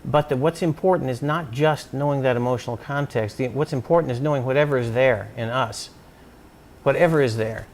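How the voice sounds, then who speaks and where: A man's voice: medium pitch, a little fast, darkish tone, slight background noise. Thoughtful man explaining with many restarts. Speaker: psychoanalyst interviewee. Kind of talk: thoughtful conversational interview.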